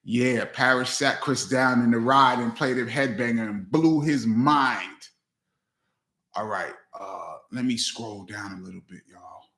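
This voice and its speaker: A man's voice: steady tone, measured pace, pushed and bright. A man hosting a live Q&A chat as a DJ, telling stories casually and acting out other people's lines. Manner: loose storyteller, acts out friends' lines with big pitch jumps. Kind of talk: casual storytelling livestream. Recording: roomy echo.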